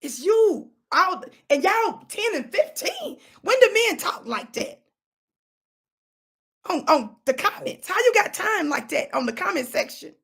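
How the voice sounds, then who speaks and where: A woman hosting her own show, giving an animated, preachy commentary monologue, repeating words for emphasis and teasing her listeners with bursts of laughter. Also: extremely high pitch, a little slow, creaky. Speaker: talk show host.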